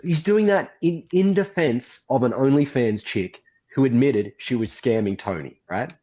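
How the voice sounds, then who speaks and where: A man's voice: medium pitch, lively intonation, moderate pace, mellow. A man recapping events on a livestream and mocking the people he quotes. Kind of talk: casual livestream commentary. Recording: muffled lo-fi stream audio.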